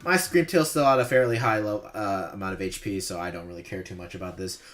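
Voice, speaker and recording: A man's voice: sits low, fast, a bit bright. A man giving casual, rambling commentary over a replay of his own match, chuckling often and swearing offhandedly.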